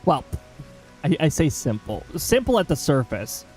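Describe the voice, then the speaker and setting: A man's voice: a little high, very animated, a little slow, a little mellow, soft background music, poor audio. A man streaming a game, chatting casually with rambling asides.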